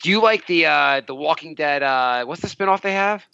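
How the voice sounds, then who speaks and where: A man with a bright, forceful voice, ribbing his co-host in loose podcast banter. He talks a little higher than most men, joking and swearing casually. The sound is dry and slightly dull. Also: lively intonation, normal speed, gravelly, clean tone, dry recording. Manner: teasing, profane, joking.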